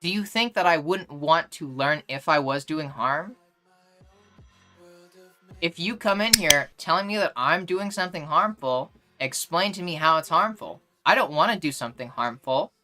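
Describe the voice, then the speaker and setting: Young woman, streamer, casual chat, blunt and exasperated, bright tone, faint background music. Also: low-pitched, lively intonation, normal speed. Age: young adult. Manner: blunt, exasperated ranting with frequent "like". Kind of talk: casual chat while gaming.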